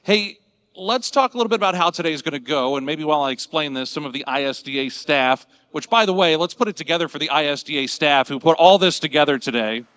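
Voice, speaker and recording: Man, emcee, jokey and upbeat, higher voice, long hall reverb. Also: animated, fast talker, fairly bright tone, clean tone. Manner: jokey, upbeat, giving instructions to a crowd. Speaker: master of ceremonies. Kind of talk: emceeing an awards ceremony.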